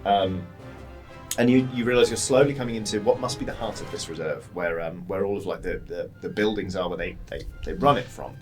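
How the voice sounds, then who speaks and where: A man's voice: low voice, brisk, soft background music. A man narrating as game master of a tabletop game, rambling with many fillers.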